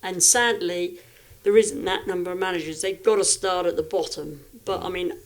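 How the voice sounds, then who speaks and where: A woman's voice: fairly low pitch, normal speed. A woman speaking as a podcast guest, frank and reflective, often restarting her sentences in casual talk. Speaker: guest, livestock exhibitor.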